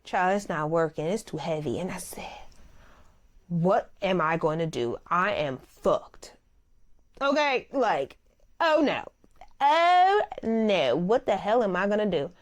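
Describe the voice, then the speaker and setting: Brief: young adult woman, podcast host, lively casual storyteller, big pitch swings on quotes. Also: slow. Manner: animated, expressive, swoops high when quoting others; calls listeners child and baby. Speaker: podcast host and dog groomer.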